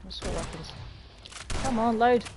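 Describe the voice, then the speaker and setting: A British woman streaming a game, chatting with viewers and reacting excitedly, laughing often. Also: a little high, unhurried, heavy background noise. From United Kingdom. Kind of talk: casual gameplay commentary. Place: home, with a cat climbing on her.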